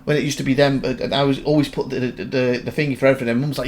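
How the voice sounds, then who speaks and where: A man giving casual, excitable commentary while he plays a video game, often laughing and shouting at his wins and losses. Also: mid-range voice, racing, a little hiss or hum. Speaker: gaming YouTuber.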